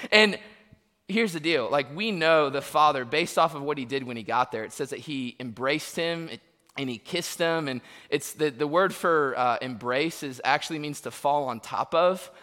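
Male pastor, bright and forceful, comic storyteller, echoing church hall. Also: fairly high pitch. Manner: animated, humorous storytelling with acted-out quotes. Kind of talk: sermon with personal stories. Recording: long hall reverb.

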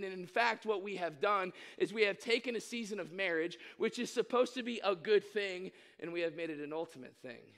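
A man's voice: high-pitched, a bit bright. A young adult man preaching a sermon, telling a story animatedly and acting out quotes, a bit under the weather. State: under the weather, occasional coughs. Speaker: pastor.

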